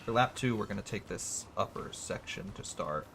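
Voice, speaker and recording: A man's voice: fairly low pitch, lively intonation, moderate pace, vocal fry, background noise. A man casually commentating a racing game livestream, chatty and self-mocking, with hiccups and a little wheezing. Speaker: streamer.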